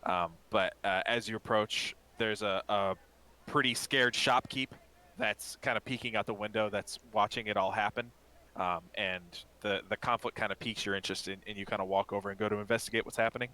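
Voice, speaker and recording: A man's voice: lowish voice, steady tone, a little fast, sharp tone. A man narrating as game master in a casual, filler-heavy way.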